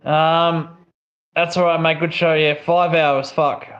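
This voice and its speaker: A young man with an Australian accent talks loosely on a long livestream, cursing freely as he rants. His voice sits fairly high for a man. The sound is a little muffled and lo-fi. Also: level tone, slow. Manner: swears a lot, rants. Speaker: livestream co-host. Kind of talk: casual stream chat.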